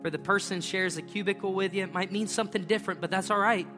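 A man's voice: sits high, steady tone, fast. A middle-aged man preaching a conversational sermon as pastor, emphatic and folksy, repeating his phrases. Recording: reverberant hall with faint music.

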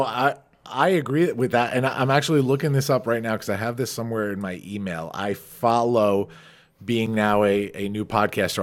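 A man hosting a casual podcast interview, chatty and curious, often restarting his sentences. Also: on the low side. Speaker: podcast host.

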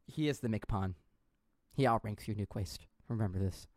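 A man hosting a casual chat show, reading viewer messages aloud with lively, laughing delivery. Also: fairly low pitch, moderate pace, no echo, clean studio sound.

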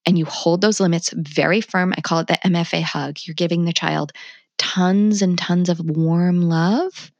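A woman's voice: lowish voice, normal speed, no room sound, dull audio. A woman talking as a parenting educator in a candid interview, blunt and emphatic, swearing freely. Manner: animated and passionate. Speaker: parenting educator, podcast guest.

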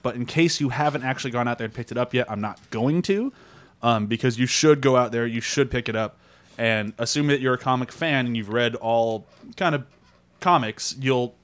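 A man hosting a casual podcast, talking excitedly and laughing often. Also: mid-range voice, brisk, clear, resonant tone. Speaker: podcast host.

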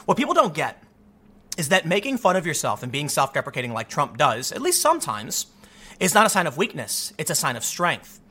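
A young man hosting an opinionated commentary monologue, animated and sarcastic, often mocking people with put-on voices. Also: on the high side, brisk, husky. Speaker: commentary show host.

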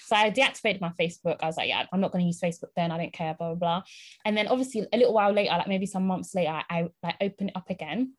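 Husky young woman telling a story. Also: lowish voice, very fast. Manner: animated storyteller, laughs often, acts out quotes. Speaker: podcast co-host telling a story. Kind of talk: casual chat.

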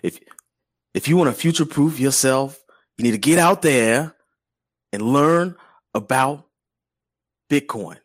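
A man putting on a swaggering movie-star impression in slow, emphatic speech. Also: mid-range voice, animated, pitched above the performer's own voice.

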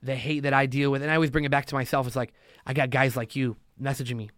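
A man in an even middle voice talks on at length, as a podcast guest on a roll. He keeps swinging into quoted voices to drive his points home. The sound is dry and close. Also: medium pitch, dry recording. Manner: talks fast in long motivational runs, acts out quotes. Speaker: podcast guest, loan officer. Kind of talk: casual podcast talk.

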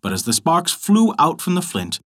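Give me an animated male storyteller reading a fairy tale, with a lively, rising and falling voice. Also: a little high, moderate pace. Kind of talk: folk tale narration.

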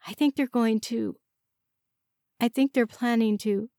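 An earnest young woman pleads and presses in a storybook reading, as a woman narrator puts her on. The voice sits a little high and sounds dry and close. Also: steady tone, measured pace, vocal fry, warm tone, dry recording. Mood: urgent. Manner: pleading, insistent.

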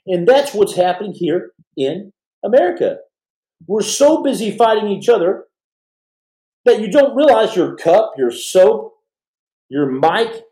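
A man's voice: high voice, warm tone. Fervent rambling man in an echoey room. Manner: fervent, rambling, restarts often. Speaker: podcast host. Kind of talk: live-stream podcast talk to viewers. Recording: roomy echo.

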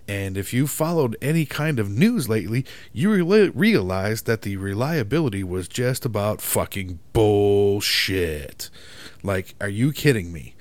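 Podcast host, male, from Michigan, lower-pitched, rants angrily and swears constantly. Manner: exasperated, profane ranting. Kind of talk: solo podcast rant.

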